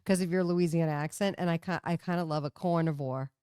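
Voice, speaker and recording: A woman co-hosting a podcast, playful and teasing, chiming in with quick jokes. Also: low-pitched, steady tone, warm tone, clean tone, dry recording, studio quality. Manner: playful, teasing, laughs easily. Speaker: podcast co-host. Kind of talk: casual podcast chat.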